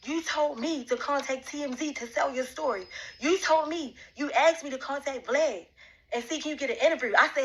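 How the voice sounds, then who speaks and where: A woman speaks to camera in a confrontational rant, aiming accusation after accusation at a man. Her voice sits high for a woman and sounds bright and sharp. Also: fairly quick, rough recording. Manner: repetitive, accusing, talks straight at one man. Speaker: vlogger addressing a rival.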